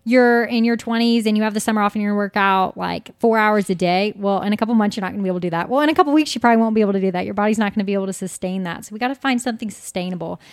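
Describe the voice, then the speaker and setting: A woman's voice: mid-range voice, steady tone, rapid-fire, few pauses, clean tone, dry recording, clean studio sound. A woman dietitian speaking as a podcast guest, earnest and emphatic as she explains. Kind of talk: casual interview chat.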